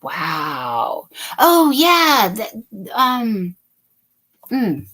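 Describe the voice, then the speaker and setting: A woman's voice: a little high, huge pitch swings, drawn-out words, bright, forceful tone. A woman hosting a casual late-night crochet livestream, chatting and reading viewer comments aloud.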